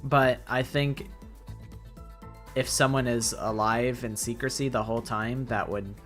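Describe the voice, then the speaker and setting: A tired male streamer chatting over his game in a mid-pitched voice, rambling and hesitant, his sentences often trailing off. Soft game music plays behind him. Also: fairly even intonation, a little slow. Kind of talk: casual gameplay chat.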